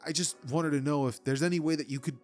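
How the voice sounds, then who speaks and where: A man's voice: on the high side, steady tone, fast, a little mellow, faint music behind, natural voice. A man voicing a timid, nerdy teenage boy who stammers and apologizes eagerly. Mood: earnest. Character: timid nerdy teen boy with hidden power.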